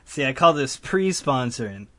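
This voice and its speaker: A man's voice: mid-range voice, sing-song, normal speed, a bit bright. A man co-hosting a podcast in casual, joking banter, laughing often. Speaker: podcast co-host.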